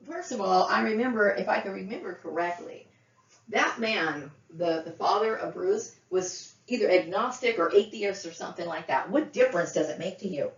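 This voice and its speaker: A woman's voice: mid-range voice, moderate pace. A woman venting in a profane, agitated personal rant to camera, stumbling over restarts and flaring into outbursts. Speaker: vlogger. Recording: roomy, distant, dull lo-fi sound.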